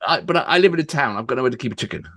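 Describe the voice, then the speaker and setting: A man's voice: medium pitch, animated, very fast, a bit bright. A man with an English accent co-hosting a reaction video, laughing easily and rambling in casual banter. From England.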